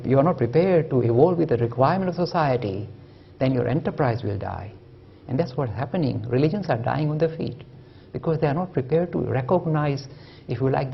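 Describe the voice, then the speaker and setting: A male lecturer talks in an animated, joking way, with a lilting, lively pitch and a husky, gravelly edge to his voice. He tells stories to make his points. The recording sounds dull and lo-fi. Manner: animated, joking, acts out quotes. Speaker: lecturer on religion and science. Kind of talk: public lecture with storytelling. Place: lecture hall at a university.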